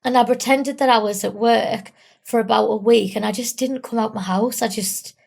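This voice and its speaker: A young woman from England, tearful, talking candidly and haltingly with small giggles in an interview. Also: on the high side, steady tone, gravelly, darkish tone. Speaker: guest. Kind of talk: emotional interview.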